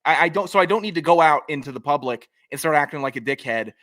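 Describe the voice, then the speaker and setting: A man's voice: fairly high pitch, lively intonation, quick pace, fairly bright tone. A man co-hosting a podcast, teasing and ribbing his partner in casual chat. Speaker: podcast co-host.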